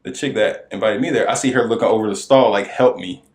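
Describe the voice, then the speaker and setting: Animated storytelling man, echoey room. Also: quick pace. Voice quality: voice cracks high at times. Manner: animated storyteller who acts out quoted voices. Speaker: podcast co-host. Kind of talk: casual storytelling chat.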